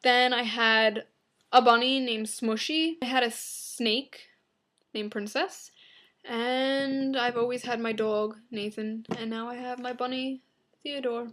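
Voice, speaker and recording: A young woman from Long Island answering viewer questions in a casual vlog, blunt and flippant with quick asides. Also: on the high side, steady tone, a bit bright. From Long Island, New York. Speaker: vlogger.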